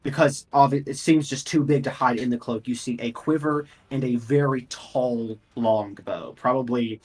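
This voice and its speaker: A man's voice: medium pitch, fairly even intonation, normal speed, darkish tone. A man running a tabletop game as game master, describing the scene in a loose, rambling way with many fillers. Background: faint music.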